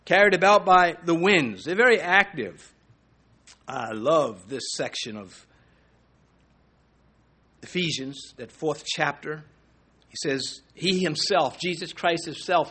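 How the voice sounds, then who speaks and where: A man preaching a sermon, reading scripture aloud between bursts of animated delivery, with fillers and restarts. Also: slightly rough. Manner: animated preaching with sudden rises in pitch and loudness. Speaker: pastor.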